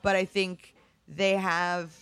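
The speaker is a middle-aged woman who tends bar, recounting work stories in a casual interview with frank profanity and lots of "like". Her voice is fairly low, smooth, and fairly bright, with a level tone and slow delivery.

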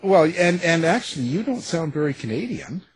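A man's voice: a little high, very animated, moderate pace, husky, no room sound. A man hosting a radio interview show, joking around and laughing often in a loose, rambling way.

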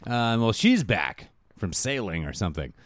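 A man's voice: on the low side, very animated, normal speed, no room sound, clean studio sound. A man casually recapping a TV episode for a podcast, rambling with lots of filler words and offhand quotes of the characters. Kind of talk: casual chat.

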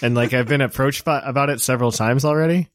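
A man's voice: medium pitch, fast, no echo, studio quality. Rambling man in his twenties. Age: 20s. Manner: rambling, filler-heavy, self-mocking. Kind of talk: casual chat.

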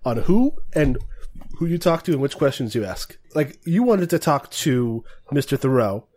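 A man at mid pitch acts as game master for a tabletop game. He explains rules and describes scenes casually, often restarting his sentences. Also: lively intonation, normal speed, a little mellow.

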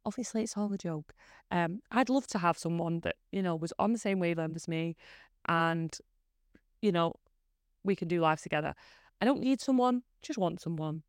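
A woman's voice: lowish voice, steady tone, moderate pace, no echo, studio quality. A woman in her thirties hosting a podcast, chatting in a candid, rambling, self-deprecating way. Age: 30s. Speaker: podcast host. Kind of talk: casual solo podcast chat.

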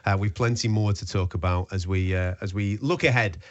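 A man's voice: fairly low pitch, a little fast, highs cut off. A man hosting a live boxing radio show, chatting and joking with his co-hosts. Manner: chatty, jokey, bantering with co-hosts. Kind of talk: live sports radio talk.

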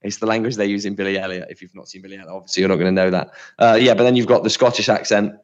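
A man's voice: on the low side, fairly even intonation, rapid-fire, dull audio. A man co-hosting a podcast, chatting casually and explaining things with plenty of filler words. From United Kingdom. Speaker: podcast co-host.

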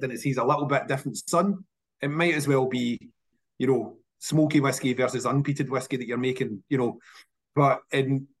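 A man with a Scottish accent telling stories in a casual interview, animated and often repeating words as he restarts. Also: medium pitch. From Scotland. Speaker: whisky industry guest.

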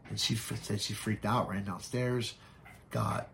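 A man with a low, gravelly voice, speaking as a podcast guest. He tells his story candidly and haltingly, with plenty of fillers and frequent swearing. His tone stays rough and grounded throughout. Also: fairly even intonation, a bit bright, slight background noise.

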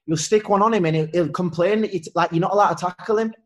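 A man's voice: high-pitched, very fast. A man with a broad Yorkshire accent in a casual podcast chat, easygoing and matey, calling everyone "mate". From England (Leeds). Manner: laughing, matey, peppers talk with "mate". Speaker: footballer guest on a podcast.

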